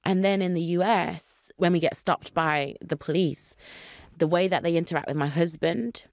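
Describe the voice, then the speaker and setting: Her voice is fairly low and moderately paced, captured in a clean, dry studio recording. Born in Nigeria but brought up in the UK, this British-accented actor appears as a podcast interview guest. She talks earnestly and thoughtfully, becoming animated when something makes her indignant.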